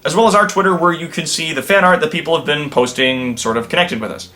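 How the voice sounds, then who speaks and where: A man's voice: on the high side, fast, few pauses, bright, forceful tone. A man hosting a comedic vlog in a supervillain persona, answering viewer questions in a casual, rambling way with playful villain bravado.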